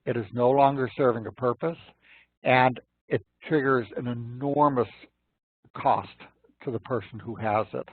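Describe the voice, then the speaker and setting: Male health-talk host, husky gravelly voice, folksy storyteller, dry phone-line sound. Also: medium pitch, a little slow, no echo. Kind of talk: informal health lecture with anecdotes.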